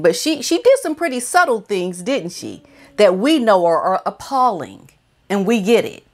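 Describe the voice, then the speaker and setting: A woman gives casual commentary to camera and addresses her viewers directly. Her voice sits at an ordinary middle pitch. She talks in a chatty, animated way. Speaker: vlogger.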